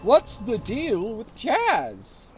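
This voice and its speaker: A streamer putting on a drawn-out, whiny impression of an observational comedian. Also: medium pitch, wildly swooping pitch, a little hiss or hum, pitched above the performer's own voice, exaggerated voice. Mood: mock-puzzled. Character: exaggerated comedian doing observational bits.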